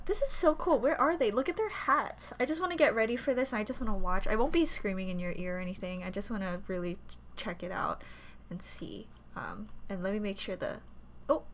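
A young woman reacting to a video at home, gushing and gasping, then dropping to soft murmurs as she thinks aloud. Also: medium pitch, a little hiss or hum. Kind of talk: casual reaction commentary.

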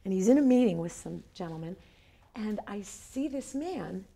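A woman's voice: mid-range voice, expressive, moderate pace, gravelly, dark tone. A woman in her fifties telling a personal story at a lecture, animatedly acting out the quoted dialogue. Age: 50s. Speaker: lecture speaker. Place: lecture hall.

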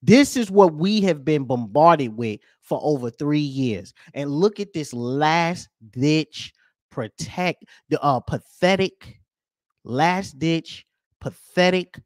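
A man hosting a podcast, ranting over news clips with profanity and rhetorical questions, swinging between loud and soft. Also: a little high, no room sound, clean studio sound. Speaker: podcast host.

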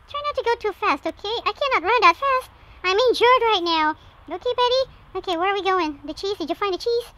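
A woman giving excited let's-play commentary on a game, with frequent gasps and shrieks. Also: very high voice, brisk. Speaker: gameplay commentator.

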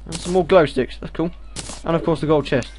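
A man giving casual gameplay commentary on a headset, excitable, breaking into loud exclamations and talking back to enemies on screen. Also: fairly high pitch, brisk. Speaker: video game let's player. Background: game music.

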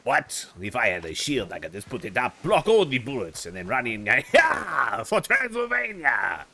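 Male roleplayer, lively and bright, excitable in-character chatter. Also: lowish voice, fairly quick. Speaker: roleplayer playing a European nobleman.

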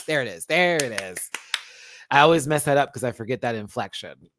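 A man's voice: mid-range voice, expressive, a little fast, a bit bright, no room sound. Sassy, campy man, dry close sound. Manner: sassy, campy, laughs often, playful slang. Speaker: host. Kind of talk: casual live-stream chat.

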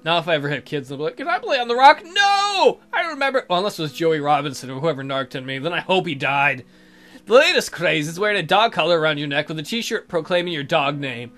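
A young man hosting a let's play, reading game text aloud and adding sarcastic, profane commentary with sudden loud outbursts. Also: fairly high pitch, fast, soft background music.

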